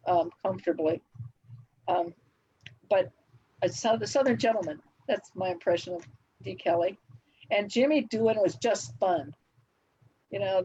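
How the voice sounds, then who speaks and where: An older woman, a television writer, telling relaxed anecdotes as an interview guest, laughing often between fillers. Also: medium pitch, breathy edge, dull audio. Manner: reminiscing, frequent laughs and fillers.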